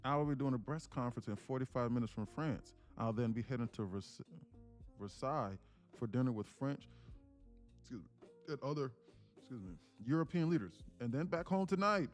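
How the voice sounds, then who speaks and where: A man reading a post aloud as a boastful, aggressive male politician, loud and emphatic. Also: medium pitch, lively intonation, fairly quick, faint music behind, pitched above the performer's own voice, lightly acted. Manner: loud, emphatic, bragging proclamation.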